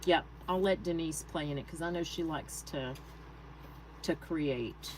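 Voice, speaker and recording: A woman's voice: deep voice, a little slow, slight background noise, low-quality recording. A woman hosting a craft channel, chatting casually with her viewers while she works, laughing often. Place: home craft room.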